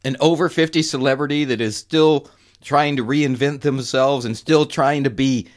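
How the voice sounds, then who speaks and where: A man co-hosts a podcast in casual conversation, speaking with a medium pitch at normal speed. He's animated, laughs often and keeps restarting his sentences.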